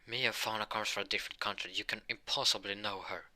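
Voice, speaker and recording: A man's voice: fairly low pitch, fairly even intonation, fast talker, bright, forceful tone. A man doing an angry young rival mage. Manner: angry, insulting.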